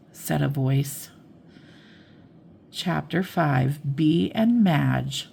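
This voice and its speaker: An older woman reading a bedtime story aloud in a slow, gentle manner. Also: sits low, lively intonation, creaky, breathy edge.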